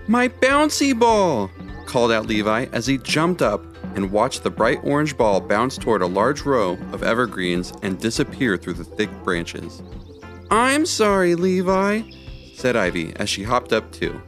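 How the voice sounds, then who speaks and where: A man's voice: lowish voice, normal speed, few pauses, a bit bright, faint music behind. A man co-narrating a children's story, with light teasing banter with his co-host.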